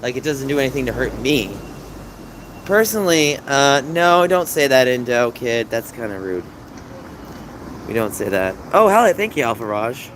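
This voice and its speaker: Male streamer, thirties, mid-pitched, chatty and emotional, talking live outdoors over loud traffic noise. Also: big pitch swings, moderate pace, rough recording. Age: 30s. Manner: chatty and emotional, reading out viewer comments. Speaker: livestreamer. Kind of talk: casual livestream chat. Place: city streets at night, outdoors. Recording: street noise behind. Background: city traffic noise.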